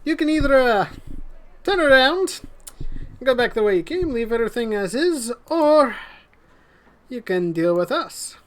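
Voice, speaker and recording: A game master voicing a gruff male thug guarding a sewer entrance, with a put-on accent that keeps slipping, blustering and threatening. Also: medium pitch, big pitch swings, measured pace, pauses often, voice pushed up. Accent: wavering put-on accent.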